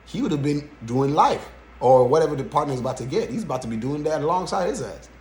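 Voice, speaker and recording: A man hosting a podcast, giving casual reaction commentary in an animated way and often checking in with "right?". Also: on the high side, quick pace, a little hiss or hum. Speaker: podcast host. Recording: roomy echo.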